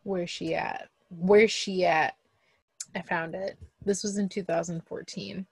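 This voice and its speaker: A young adult woman co-hosting a casual podcast chat, animated and emphatic. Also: fairly low pitch, a little slow, gravelly, slightly rough, no echo. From Liberian family. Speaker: podcast co-host.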